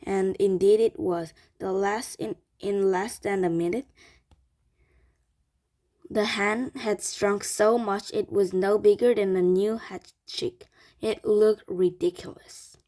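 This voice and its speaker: A woman reading a children's book aloud, halting and restarting often. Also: medium pitch, fairly even intonation, dark tone. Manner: slow, halting, with frequent restarts. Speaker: reader.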